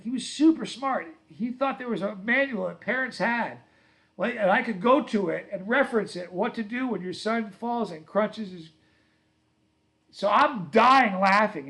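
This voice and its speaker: Middle-aged male stream host, a bit higher-pitched, loose rambling storyteller who chats with viewers. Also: fairly bright tone. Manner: rambling, reads viewer comments aloud; storytelling, self-correcting. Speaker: livestream host. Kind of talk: casual livestream chat.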